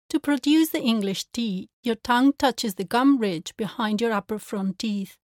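A woman teaches pronunciation, demonstrating each sound clearly and carefully. Her voice sits a little high, recorded close and dry with no echo. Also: normal speed, few pauses, darkish tone. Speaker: language teacher. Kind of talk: pronunciation lesson.

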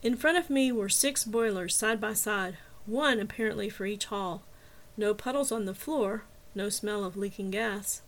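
A woman narrating a story in the first person, steady and even. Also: medium pitch, normal speed. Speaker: audiobook narrator.

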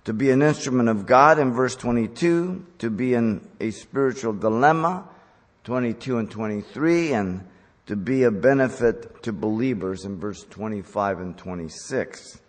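A man's voice: medium pitch, lively intonation, moderate pace. A man preaching an expository sermon, stressing key words with emphasis as he works through a passage verse by verse. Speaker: pastor. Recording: long reverb from a large hall.

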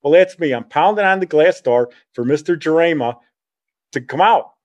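A man's voice: a little high, moderate pace, dull audio, heavy background noise. Rambling middle-aged man telling a story. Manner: rambling, animated, self-correcting. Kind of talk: casual spoken reminiscence.

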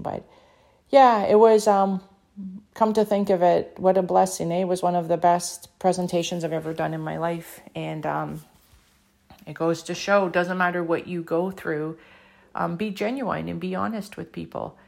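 A middle-aged woman from Canada telling a personal story with deep emotion, earnest and encouraging, her mouth dry. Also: steady tone, normal speed, vocal fry, darkish tone. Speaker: author and speaker sharing a personal story.

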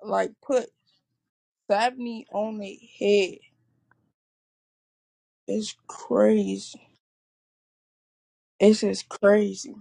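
Gravelly-voiced woman podcast host, rambly sports chat, lots of ums and restarts, says sorry for cussing. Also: mid-range voice, fairly even intonation, extremely slow, pauses often, warm tone. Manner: rambling, full of fillers and self-corrections; apologizes for swearing. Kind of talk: casual sports talk.

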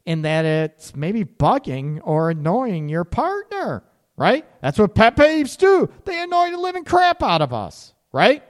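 Animated sarcastic male radio host. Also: high-pitched, measured pace, in a large hall. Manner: animated, sarcastic, acts out quoted partners. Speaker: radio show host and counselor. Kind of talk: radio advice talk.

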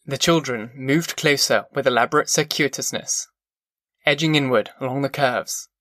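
Reading scripted audiobook narration, this male narrator keeps a steady, measured delivery in a mid-range voice. There is no room sound, and the audio is studio-clean.

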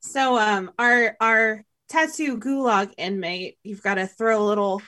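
A woman's voice: medium pitch, unhurried, pushed and bright. A woman co-hosting a movie podcast in casual chat, playful and giggly as she reads out names. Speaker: podcast co-host.

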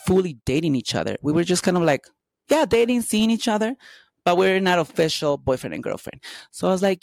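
A woman telling candid personal stories as an interview guest, lively and quick to act out the dialogue. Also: sits low, no echo. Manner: animated, acts out dialogue in quotes.

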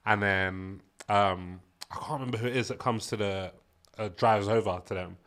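A man's voice: on the low side, fairly even intonation, normal speed, fairly bright tone. A man chatting casually, reminiscing and laughing easily. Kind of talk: casual chat.

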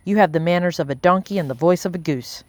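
A woman's voice: fairly low pitch, fast, dry recording, close to an everyday voice. A woman voicing an impatient, haughty lady of the house who speaks sharply and imperiously.

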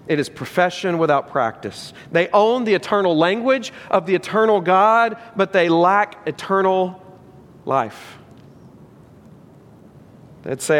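A man's voice: high-pitched, lively intonation, takes it slowly, long pauses, big-room sound. A man preaching a sermon as a pastor, emphatic and repetitive, asking the congregation rhetorical questions.

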